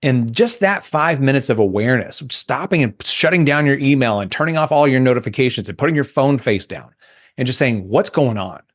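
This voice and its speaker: A man's voice: medium pitch, fairly quick. A man, a coach and guest, explaining ideas in a casual interview and acting out his own thoughts. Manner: animated storytelling, acts out inner thoughts. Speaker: guest, emotional intelligence coach.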